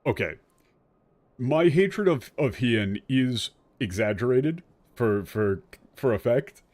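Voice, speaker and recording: A man streaming a game, talking casually and ranting in an animated way with frequent restarts. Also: mid-range voice, slow, no echo. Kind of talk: casual commentary while playing.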